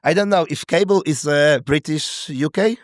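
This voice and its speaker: A man's voice: on the high side, no echo, clean studio sound. A man from Poland speaking English with a Polish accent as a guest comedian, chatting casually and searching for words. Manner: halting, searching for words, many fillers. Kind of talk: casual podcast chat.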